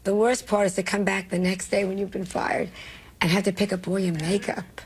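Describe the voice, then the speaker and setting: A woman's voice: mid-range voice, little pitch movement, brisk, slight background noise. An older woman from New York, a comedian telling brash, self-mocking stories in an interview, emotional and laughing often. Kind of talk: candid interview storytelling.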